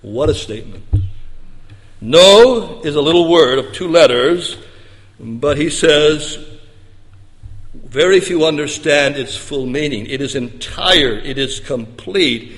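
Guy preaching a sermon, kinda high voice, big echoey church hall, punchy then goes quiet. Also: animated, slow. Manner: emphatic, dynamic preaching with loud and soft swings. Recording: long reverb of a large hall.

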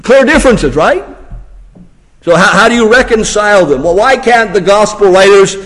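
A man preaching a sermon in a slightly high voice. He drops to a hush, then rises into loud, emphatic questions. His voice trails off into a long reverb from a large hall. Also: animated, moderate pace. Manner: dramatic, swings from hushed to loud emphatic questions. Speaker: pastor.

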